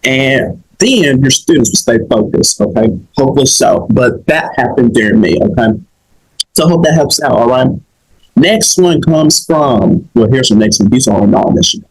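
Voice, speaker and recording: A man's voice: mid-range voice, expressive, normal speed, poor audio. A young man hosting a comedic advice show, emphatic and preachy, often checking in with his listeners.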